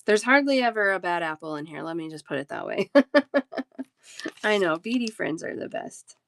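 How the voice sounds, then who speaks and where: A woman's voice: medium pitch, animated, normal speed, gravelly, a bit bright, no echo. A woman in her thirties, a talkative and giggly live-stream bead seller chatting casually with her viewers.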